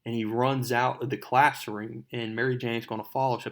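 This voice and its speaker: A man's voice: medium pitch, flat delivery, normal speed. Man casually retelling a comic issue. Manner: loose retelling, slipping into characters' lines; conversational, addresses viewers directly. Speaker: comic book recap host. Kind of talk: casual comic recap narration.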